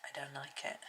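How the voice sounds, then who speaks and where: A middle-aged woman chatting gently and rambling while she colours, often dropping to a near whisper. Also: a little hiss or hum, rough recording. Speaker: colouring video host. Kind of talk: soft-spoken colouring tutorial chat.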